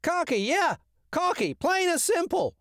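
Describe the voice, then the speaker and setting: A man voicing a hyper, excitable male crow with a shrill squawking voice in an audiobook story. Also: measured pace, no echo, studio quality, heavily acted. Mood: mocking.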